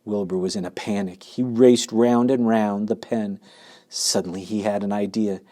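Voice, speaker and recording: A man's voice: fairly low pitch, fairly even intonation, normal speed, mellow. A man reading a children's story aloud expressively. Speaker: narrator.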